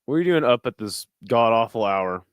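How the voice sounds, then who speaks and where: A relaxed, foul-mouthed man hosts a late-night fight watch-along and trades jokes with his chat. His voice comes through smooth and clear, recorded dry on a close desk mic with no room sound. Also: mid-range voice, fairly quick, no echo, dull audio. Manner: laid-back, profane, jokey asides to chat. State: tired, burping. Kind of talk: casual live commentary.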